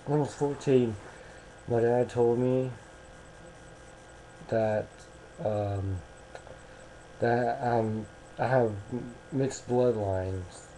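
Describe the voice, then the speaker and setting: A man's voice: mid-range voice, drawn-out words, pauses often, dark tone, a little hiss or hum, low-quality recording. A young American man talking casually into a webcam, rambling and hesitant with many restarts. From United States.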